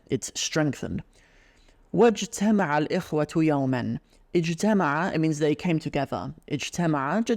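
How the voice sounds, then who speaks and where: A man teaching Arabic on a podcast, reading lines aloud and explaining them in a relaxed, chatty way. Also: on the high side. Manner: reads Arabic aloud then explains in English; chatty, with fillers and restarts. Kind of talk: podcast language lesson.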